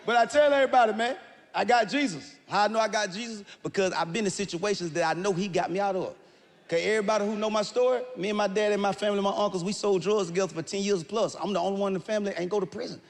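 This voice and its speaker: A man doing stand-up comedy, loud and animated, often shouting his punchlines. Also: sits high, racing. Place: large live venue with audience. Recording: reverberant hall, faint ambience.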